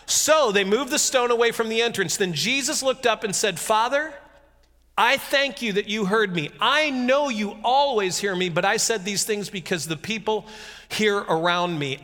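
A man giving a casual, conversational sermon, retelling a scripture story with jokey asides and animated reading. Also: high-pitched, moderate pace, in a large hall. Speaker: pastor.

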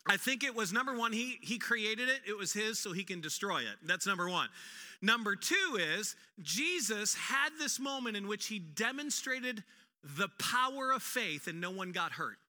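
A male pastor giving a sermon, an animated storyteller who acts out quotes with humor, in an echoey hall. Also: sits high, normal speed.

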